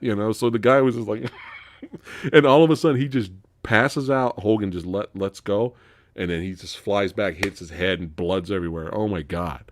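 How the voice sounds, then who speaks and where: A fairly low-pitched man hosts a laid-back live stream, telling animated stories full of swearing and laughter. The audio is clean studio sound with no echo.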